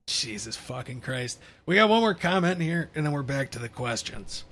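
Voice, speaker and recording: A man's voice: medium pitch, lively intonation, moderate pace, fairly bright tone. A young man co-hosting a podcast, joking crudely, swearing and laughing often. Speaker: podcast co-host. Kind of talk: casual crude banter.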